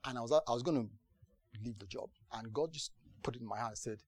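Pastor telling a story, dry sound. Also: male voice, medium pitch, a little fast, dry recording. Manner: storytelling, repeats "do you understand". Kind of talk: sermon testimony.

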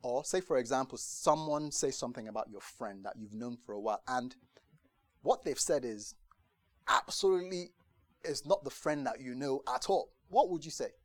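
At a church gathering in the UK, a man with a mid-range voice preaches a conversational sermon at a moderate pace, with no echo. Lively and chatty, he acts out the voices he quotes and often asks the congregation if they understand.

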